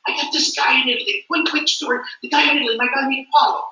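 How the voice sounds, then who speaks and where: High, bright male stage speaker. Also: fairly even intonation, racing, a little hiss or hum. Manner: emphatic and repetitive. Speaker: speaker at company event. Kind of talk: motivational stage speech. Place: large event hall. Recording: echoey hall from far off, dull.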